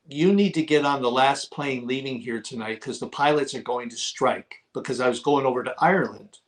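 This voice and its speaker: A man's voice: medium pitch, fairly quick. A middle-aged man telling stories as a guest in an interview, repeating words for emphasis. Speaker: guest author. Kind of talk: casual interview talk.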